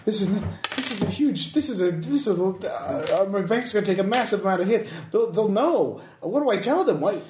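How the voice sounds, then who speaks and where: A man voicing a panicky, stammering businessman who pleads in a high, jumpy voice. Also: expressive, brisk, darkish tone, echoey room, slight background noise. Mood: pleading.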